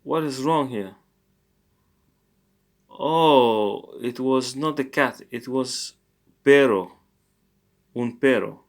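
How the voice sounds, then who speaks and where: A male language teacher walks through an informal lesson at an unhurried, deliberate pace. His voice sits at an ordinary middle pitch. He thinks aloud with plenty of hesitations and catches his own slips good-naturedly. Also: vocal fry. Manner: corrects his own mistakes good-humouredly.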